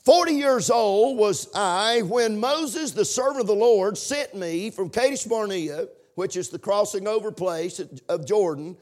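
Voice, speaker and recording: A man with a very high voice delivers a sermon from scripture, lingering on single words for emphasis. He repeats his phrases and climbs into shouted declarations. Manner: slows down to stress single words. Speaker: pastor.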